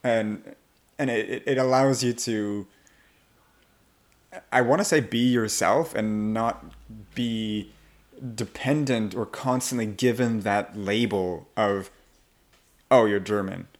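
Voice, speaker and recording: A man's voice: fairly low pitch, slow. A man who works as an accent coach, talking casually in an interview and acting out the voices of people he quotes. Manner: animated, acts out quoted voices.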